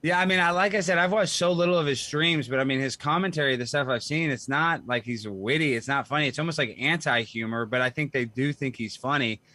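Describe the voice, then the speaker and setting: A man's voice: mid-range voice, a little fast, few pauses, pushed and bright, no room sound. A man hosting a podcast in casual chat, blunt and rambling. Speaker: podcast host.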